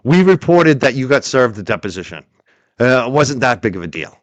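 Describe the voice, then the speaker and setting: A man's voice: medium pitch, big pitch swings, fairly quick, dry recording. A man hosting a commentary stream, ranting in a sarcastic, mocking tone. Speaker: show host and commentator. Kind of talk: livestream commentary.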